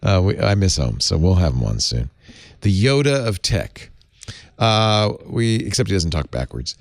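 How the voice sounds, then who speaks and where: A man hosting a casual talk show, lively and chatty, laughing as he reads. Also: low-pitched, moderate pace, no echo, studio quality. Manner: lively, laughs while reading aloud. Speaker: host. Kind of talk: casual chat.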